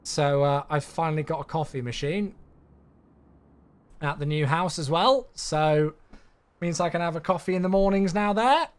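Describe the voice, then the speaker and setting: A man's voice: on the high side, moderate pace, pauses often, smooth. A man streaming a flight simulator, chatting in an easygoing way and answering viewers' questions aloud, a bit sleepy and yawning. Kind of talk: casual live-stream chat.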